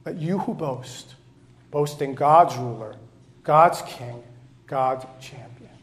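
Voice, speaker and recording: A man preaching a sermon to his congregation, building loud, rising lists of titles and then dropping to soft, low lines. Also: slow pace. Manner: impassioned, swinging between soft low passages and loud rising repetitions. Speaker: pastor.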